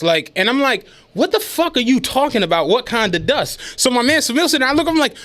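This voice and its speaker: A man co-hosts a casual podcast, spinning an animated, profane story and laughing as he goes. His voice sits very high, and his pitch swings widely. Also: fairly quick, hardly any pauses. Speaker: podcast co-host. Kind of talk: casual chat.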